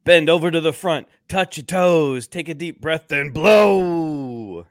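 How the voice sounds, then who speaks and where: A man putting on the voice of a hyped-up male rapper who leads a guided meditation, calling out loud, drawn-out instructions. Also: on the high side, no echo, studio quality, pitched above the performer's own voice.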